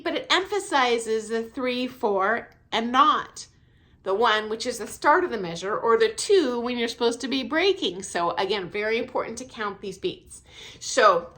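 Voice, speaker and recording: A middle-aged woman, a dance teacher, explaining music counts in a casual, friendly way, with a high, light voice and frequent laughs. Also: animated, moderate pace, fairly bright tone. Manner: counts beats aloud, self-deprecating, laughs often. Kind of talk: casual instructional talk. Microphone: camera mic, filming herself.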